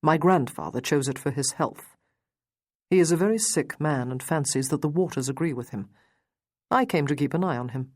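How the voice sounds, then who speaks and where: A proud Regency lord with a dry, mocking edge, put on by a woman reading the story. The voice sits low and unhurried. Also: darkish tone. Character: proud, teasing male aristocrat in Regency England.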